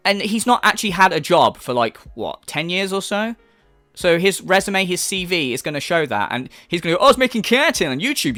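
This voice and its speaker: Male commentator, scornful and foul-mouthed, lively pitch, dry close mic. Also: dry recording. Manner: profane, mocking, animated. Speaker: commentary YouTuber. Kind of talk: ranting commentary.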